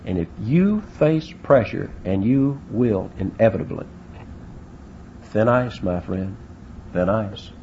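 Animated preacher with a mellow voice. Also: male voice, mid-range voice, lo-fi sound, slight background noise. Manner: animated, rhetorical questions, acts out quotes. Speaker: pastor. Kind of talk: sermon.

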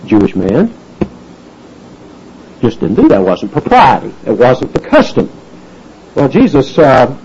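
A man preaching a sermon in a folksy, animated way, acting out the voices of the people he quotes. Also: mid-range voice, husky, lo-fi sound.

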